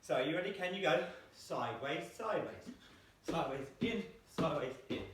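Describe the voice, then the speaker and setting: A man's voice: on the high side, animated, a little fast, fairly bright tone, a little hiss or hum. Panting man counting jumps. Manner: counting reps aloud while jumping. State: out of breath. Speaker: PE teacher. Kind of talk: home workout lesson. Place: small room at home. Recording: echoey room, mic far off.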